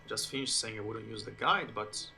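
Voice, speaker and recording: A man's voice: fairly low pitch, brisk, gravelly, sharp tone, slight background noise. A man whose first language is Italian, streaming a game and chatting casually in English in a rambling way. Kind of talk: casual gameplay commentary.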